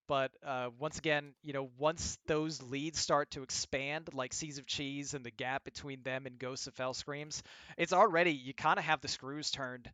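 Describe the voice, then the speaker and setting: A man hosting an esports league stream, chatting casually and rattling off quick promos. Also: medium pitch, a bit bright, clean tone, no echo. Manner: reads rapid-fire sponsor spots quickly and upbeat. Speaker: host of esports league show.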